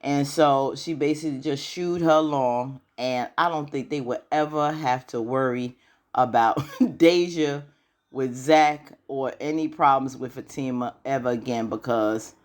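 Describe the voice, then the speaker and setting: A woman talks through a TV episode like she is gossiping with a friend, slangy and loose, peppered with "you know." Her storytelling stays lively, and she keeps sliding into little voices for the characters. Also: very deep voice, unhurried. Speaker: TV recap vlogger. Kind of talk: casual episode recap.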